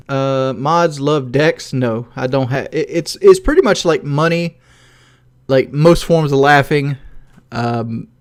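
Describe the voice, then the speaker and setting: A man with a Southern accent, livestreaming in a rambling, profane, casual way and reading questions from chat. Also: mid-range voice. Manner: rambling and profane, many "like" fillers.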